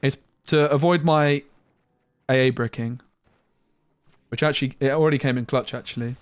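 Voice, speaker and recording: A man's voice: medium pitch, steady tone, normal speed, clear, resonant tone, no room sound. A man streaming a card game, chatting casually and muttering asides with mild slang. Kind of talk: casual gameplay commentary.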